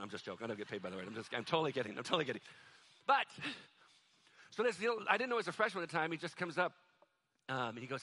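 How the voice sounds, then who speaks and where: A man's voice: mid-range voice, big pitch swings, rapid-fire, pauses often, pushed and bright. A male pastor giving a conversational sermon, telling a story with jokes and acting out the people in it. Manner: conversational, jokey, acts out quoted voices.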